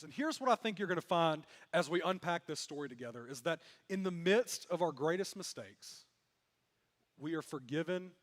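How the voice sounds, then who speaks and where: Young male pastor, high pitch, humorous storytelling sermon, long reverb of a big room. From Mississippi. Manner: storytelling with self-deprecating humor. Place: church sanctuary.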